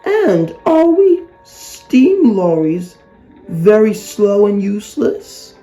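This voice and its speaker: Narrator doing a sly old girl steam lorry, high and stretched out, slow storybook voice. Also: lively intonation, dark tone, faint music behind. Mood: teasing. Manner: high, drawn-out, teasing delivery. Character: elderly female vintage steam lorry, proud and sly. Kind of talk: storybook reading.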